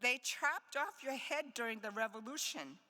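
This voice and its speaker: A woman's voice: on the high side, normal speed, sharp tone. A woman poet giving a live reading in a conference hall, with playful, wry asides between poems. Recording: long hall reverb.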